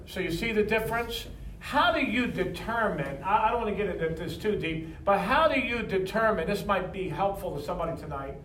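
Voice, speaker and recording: Man, pastor, sermon, call-and-response, high voice, echoey church hall, faint background noise. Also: a bit bright, far from the mic. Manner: preaching with call-and-response to the congregation.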